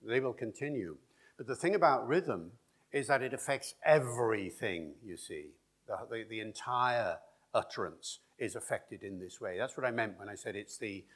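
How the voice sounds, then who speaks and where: Husky man giving a lecture. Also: on the low side, a bit bright. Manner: demonstrates speech rhythms aloud. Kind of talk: public lecture.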